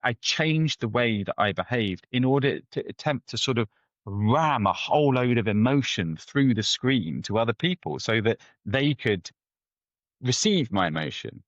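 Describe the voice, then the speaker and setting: A man, a guest anthropologist, answering interview questions in a conversational, animated storytelling way with frequent restarts. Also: medium pitch, moderate pace, no room sound, highs cut off. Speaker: head of ethnography, guest.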